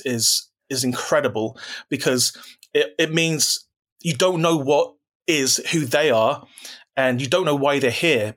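An enthusiastic man chatting as a podcast guest. He rambles, restarts his sentences and piles up repeated words, at an ordinary middle pitch. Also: a bit bright. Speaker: podcast guest, horror writer and producer. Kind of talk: casual chat.

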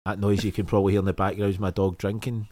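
A man's voice: lowish voice, flat delivery, rapid-fire, mellow. A Scottish man giving casual movie commentary on a podcast, laughing often and swearing freely. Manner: laughing, profane, enthusiastic. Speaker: podcast co-host.

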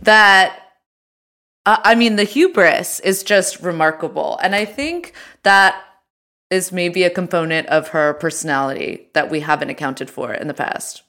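A woman's voice: lowish voice, animated, measured pace, fairly bright tone. A woman co-hosting a podcast, chatting casually with lots of fillers and restarts. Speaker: podcast co-host. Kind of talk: casual chat.

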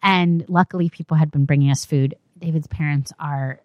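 A young woman, a new mother, chatting as a podcast guest and telling animated, laughing stories. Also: sits low, normal speed, no room sound, lo-fi sound. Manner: animated storytelling, laughing, acting out quotes. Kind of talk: casual interview chat.

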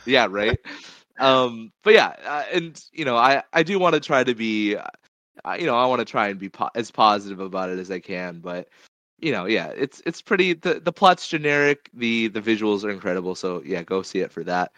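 A man co-hosting a casual movie chat podcast, halting with frequent ums and easy laughs. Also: fairly low pitch, animated, fairly bright tone, no room sound. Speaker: podcast co-host.

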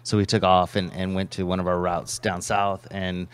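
A man's voice: low voice, little pitch movement, moderate pace, clean tone. A man co-hosting a livestream who tells a long casual story about his day, rambling with many repeats of "he goes" and raising his voice to act out quotes. He is tired and his voice is off tonight. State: voice problems, tired from a busy day. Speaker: co-host, vending operator.

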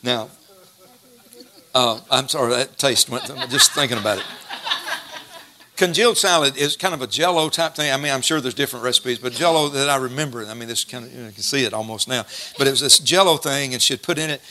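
A middle-aged man preaching a sermon, folksy and storytelling, slowing down to stress scripture verses. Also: mid-range voice, sharp tone.

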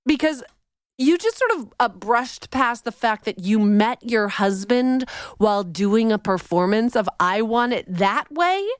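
A Canadian-born woman hosts a podcast with a playful, theatrical energy. Her voice sits a little high and sounds smooth and clear. The recording is close and dry. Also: animated, measured pace, no room sound. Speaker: podcast host. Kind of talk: casual podcast chat.

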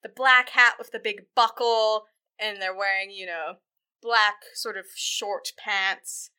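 A woman's voice: medium pitch, fairly even intonation, slow, sharp tone, clear, resonant tone. A woman in casual chat, animatedly retelling a film and acting out the characters in silly voices. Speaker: podcast co-host recapping a film.

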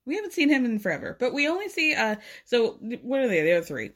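A woman's voice: a little high, very animated, fast talker, a bit bright. A woman recapping a reality show in casual chat, sarcastic and swearing freely. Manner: sarcastic, swears freely, laughs between lines. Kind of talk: casual recap, snarky commentary.

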